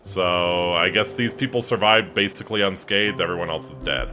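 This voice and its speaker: A man's voice: low-pitched, normal speed, few pauses, soft background music. A man giving casual, wry let's-play commentary while playing a game. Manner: wry, joking, animated.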